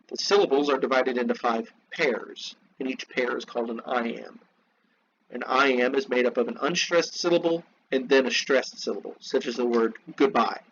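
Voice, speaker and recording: A man teaching a literature class, reading from a text and breaking off into slow, repeated explanations and asides to his students. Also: medium pitch, a bit bright, muffled recording, slight background noise. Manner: slows down to spell out terms, asides to students.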